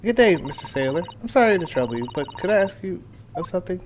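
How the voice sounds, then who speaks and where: A man voicing a polite young male law student who asks formal, courteous questions in a fairly high voice. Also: very animated, quick pace, background noise.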